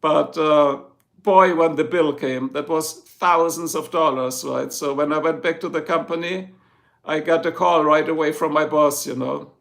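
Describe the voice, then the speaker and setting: A middle-aged German man with a gravelly, somewhat high voice, hosting a live stream. He speaks English with a clear German accent and rambles loosely, turning again and again to talk straight to his chat. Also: fairly even intonation, moderate pace, fairly bright tone. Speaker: livestream host. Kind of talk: casual livestream chat.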